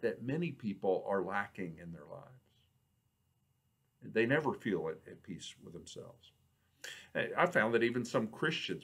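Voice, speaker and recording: Man, preacher, church sermon, unhurried, repeats words, mid-pitched voice. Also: a bit bright, slightly rough. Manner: measured, reads scripture slowly, frequent word repeats.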